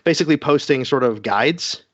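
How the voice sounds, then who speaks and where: A man's voice: mid-range voice, animated, normal speed, no echo. Chatty rambling man, gaming podcast co-host, dry close sound, muffled lo-fi recording. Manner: chatty, rambling with many fillers. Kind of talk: casual gaming news chat. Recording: dull lo-fi sound.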